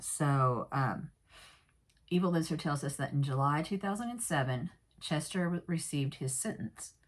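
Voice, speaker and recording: A woman's voice: sits low, animated, moderate pace. A woman casually recapping a true crime episode in a rambling way, with many fillers and asides and candid personal comments.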